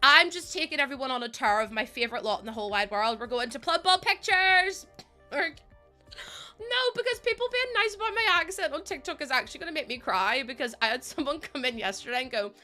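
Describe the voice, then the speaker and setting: Young woman, streamer, high voice, bubbly, laughs a lot, faint music behind. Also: lively intonation, fairly quick, pushed and bright. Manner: bubbly and chatty, laughs often, talks to chat. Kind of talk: live-stream chat while playing a building game.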